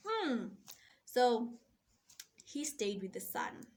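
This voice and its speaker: A woman coach sharing a slow, soft and deliberate reflective monologue. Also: a little high. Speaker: self-love and mindset coach.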